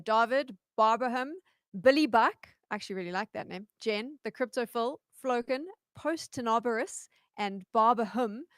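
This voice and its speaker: A South African woman hosting an esports show, chatty and upbeat, reading out fan shout-outs. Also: mid-range voice, clean tone, no echo, clean studio sound. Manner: upbeat, chatty, stumbling through usernames. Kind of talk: live esports broadcast hosting.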